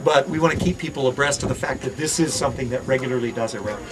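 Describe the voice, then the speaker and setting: A man's voice: mid-range voice, quick pace, background noise. A middle-aged man from Hawaii giving an outdoor park ranger talk, joking with visitors and quizzing them on the sights. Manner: playful, quizzes the crowd and jokes. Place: outdoors at a volcano viewpoint. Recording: outdoor recording with audible crowd.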